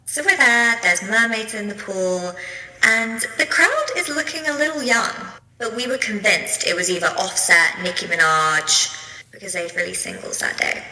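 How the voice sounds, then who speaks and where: A woman's voice: medium pitch, lively intonation, normal speed, bright, forceful tone, roomy sound, long reverb tail, low-quality recording. A woman telling a dramatic casual storytime tale.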